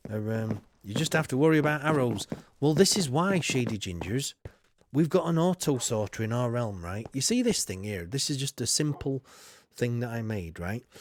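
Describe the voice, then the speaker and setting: A man streaming a game live, chatting loosely with viewers, greeting them by name and filling his talk with ums and you-knows. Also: medium pitch. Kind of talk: live gameplay commentary.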